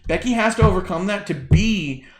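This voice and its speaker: Animated, profane man talking wrestling. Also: high voice, a little fast. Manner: animated, profane, slips into silly voices. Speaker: podcast co-host. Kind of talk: casual wrestling chat over drinks.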